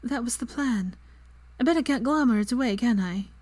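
A woman's voice: sits high, sing-song, measured pace, a little mellow, slightly rough, pitched above the performer's own voice, heavily acted. A woman reading aloud and voicing a flustered young witch student with anxious questions.

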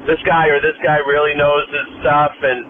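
A man's voice: fairly high pitch, level tone, normal speed. A man with a Boston accent calling in to a recovery podcast, talking casually and rambling with fillers. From Boston, Massachusetts. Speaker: caller. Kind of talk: phoned-in recovery podcast comment. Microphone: phone. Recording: phone line with background noise.

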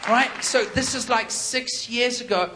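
A man's voice: very high-pitched, steady tone, measured pace, a loud crowd, very noisy. A male pastor preaching a sermon, telling stories in an emphatic, conversational way.

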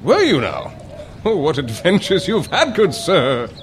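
An actor playing a jovial, chummy upper-class British army officer with a put-on British accent. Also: male voice, on the high side, huge pitch swings, a little slow. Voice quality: chummy, plummy.

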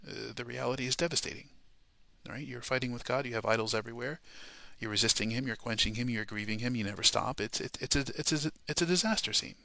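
A man's voice: mid-range voice, fast, creaky, sharp tone, no room sound. A man preaching a sermon, emphatic and repetitive, peppering his points with rhetorical questions.

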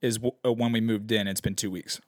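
Relaxed man in his twenties chatting. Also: lowish voice, brisk, no echo, clean studio sound. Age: 20s. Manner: relaxed, rambling, chuckles often. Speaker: podcast co-host. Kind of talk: casual podcast chat.

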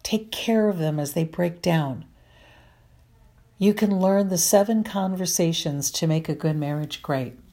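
A woman's voice: on the low side, mellow. A middle-aged woman marriage counselor giving earnest, repetitive advice to listeners. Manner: earnest, repetitive, slow and deliberate.

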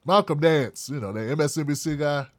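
A man's voice: on the high side, brisk, dry recording. A man hosting his own online commentary show, talking in a sarcastic, mocking and profane way. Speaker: independent media commentator.

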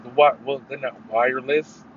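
In a mid-range voice with flat delivery and a moderate pace, a man hosts a casual solo podcast. He rambles, swears, and gets suddenly emphatic, with the headphones mic yielding dull lo-fi sound and a faint layer of noise.

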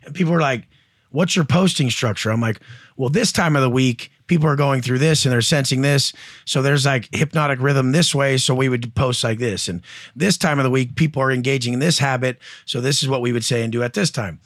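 Fairly quick and medium in pitch, this man sounds studio-clean with no room sound. As a guest entrepreneur and coach, he spins blunt, profane stories in a casual interview, performing the voices of those involved.

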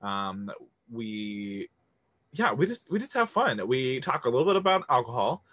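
A young man hosting a casual podcast from a bar, energetic, using lots of fillers and laughing often. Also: mid-range voice, a little slow. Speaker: podcast host. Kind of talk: casual chat. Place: bar he owns.

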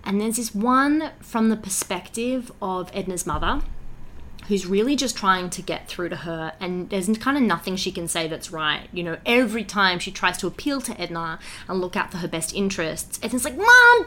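A young woman, a musical theatre writer and performer, talking in an animated, heartfelt way in a casual interview, full of filler words. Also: fairly low pitch, normal speed, a little hiss or hum.

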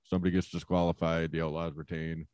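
A man co-hosting a casual podcast chat, relaxed and rambling with lots of fillers. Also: sits low, fast talker, smooth, dry recording. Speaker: podcast co-host. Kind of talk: casual wrestling review chat.

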